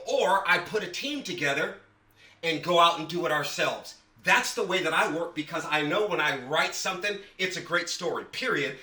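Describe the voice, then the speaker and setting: A man's voice: high voice, pushed and bright, distant mic. A man teaching a casual writing class, emphatic and fond of repeating words for stress. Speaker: writing instructor. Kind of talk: casual online class talk. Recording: echoey room, voice a bit off-mic.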